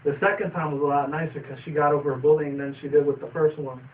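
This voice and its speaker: A man's voice: on the high side, level tone, quick pace. A young man casually reviewing a cartoon episode, rambling with fillers and casual swearing. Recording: distant tinny phone-like sound, faint noise.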